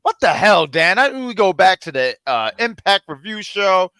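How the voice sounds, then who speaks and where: Man, guest, high lively voice, jokey, dry sound. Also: normal speed, clean tone, no room sound. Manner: loud, jokey, animated. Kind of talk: casual chat.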